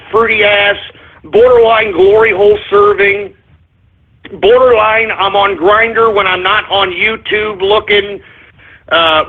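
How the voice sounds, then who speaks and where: High-voiced ranting radio host. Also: male voice. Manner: ranting, rambling, repeats "all right?". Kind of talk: talk radio rant. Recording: tinny phone-line sound.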